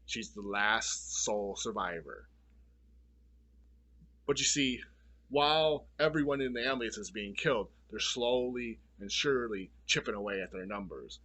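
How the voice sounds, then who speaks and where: A man's voice: lowish voice, expressive, moderate pace, bright, forceful tone. A man giving a casual movie review, swearing freely in a blunt, exasperated rant.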